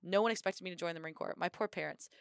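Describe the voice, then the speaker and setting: Young american woman on a podcast, energetic storyteller, smooth clear voice, dead dry sound. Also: fairly low pitch, racing, no room sound. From United States. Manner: energetic, upbeat storyteller who acts out quotes. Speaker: guest, Marine officer and bobsled athlete. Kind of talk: casual podcast interview.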